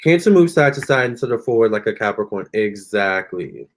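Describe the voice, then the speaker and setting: A man's voice: fairly low pitch, lively intonation, brisk. Sassy chatty man on a live stream. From Virginia. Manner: chatty and sassy, calls viewers honey and girl. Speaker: tarot reader. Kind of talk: live-stream chat reading viewer comments.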